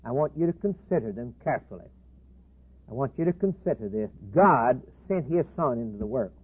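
A man preaching a sermon with impassioned, repetitive declarations that swing between loud and hushed. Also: medium pitch. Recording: tinny phone-like band, husky.

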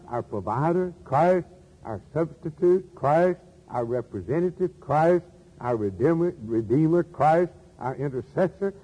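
A man's voice: a little high, dark tone, husky, in a large hall, highs cut off. A man preaching a sermon in an earnest manner, asking rhetorical questions and repeating key phrases.

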